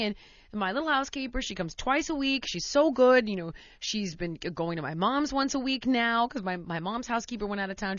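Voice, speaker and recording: A woman's voice: a little high, a bit bright, no room sound, dull audio. A woman hosting a talk show, telling a story in a casual, rambling way full of "like" and "you know", laughing as she goes.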